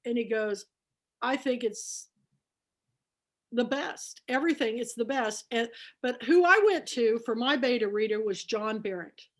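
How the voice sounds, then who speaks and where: A woman's voice: on the high side, a little slow. A woman from Kansas hosting a book club on a video call, chatty and emotional, retelling conversations. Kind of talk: casual chat on video call.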